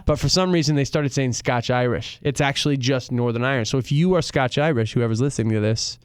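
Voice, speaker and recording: A young man chats as a guest in a studio, mixing thoughtful reflection with quick jokes. His voice is smooth and clear, and the close mic leaves it dry with no room sound. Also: mid-range voice, dry recording. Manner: reflective, joking. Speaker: guest musician. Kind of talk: casual chat.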